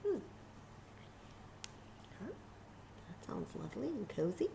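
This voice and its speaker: A woman librarian reading a picture book aloud at children's story time, animated and enthusiastic, talking to the kids. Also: medium pitch, takes it slowly, creaky, slight background noise.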